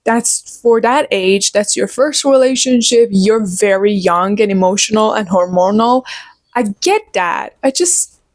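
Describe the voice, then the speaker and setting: A young woman in her twenties chatting casually to her viewers about a book, animated and opinionated. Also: medium pitch, unhurried, no echo. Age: 20s. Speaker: book vlogger. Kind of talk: casual chat.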